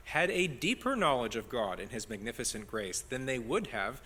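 A man's voice: medium pitch, expressive, normal speed, sharp tone, in a large hall, a little hiss or hum. A man preaching an expository sermon as pastor, earnest and building emphasis on key phrases.

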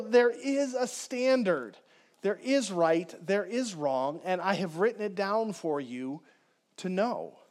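A man preaching a conversational, animated sermon as a pastor, speaking directly to his congregation. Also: high voice.

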